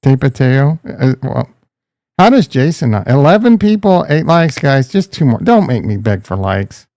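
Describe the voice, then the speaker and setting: A man's voice: medium pitch, sing-song, moderate pace, darkish tone, no room sound, clean studio sound. A man hosting a casual livestream, joking and ranting, talking straight to his chat and calling viewers bro and dude. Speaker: crypto livestream host.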